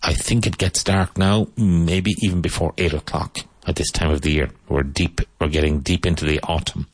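A man with a Cork Irish accent teaching English phrases to Spanish speakers, repeating each model sentence slowly and deliberately. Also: low-pitched, fairly even intonation, no room sound. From Ireland (Cork).

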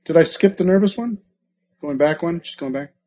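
A man with a high, light voice coaching an audience on sales. He talks in an animated way and acts out sample scripts with gasps and quick shifts in delivery. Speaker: sales trainer. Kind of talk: live training talk with role-play examples.

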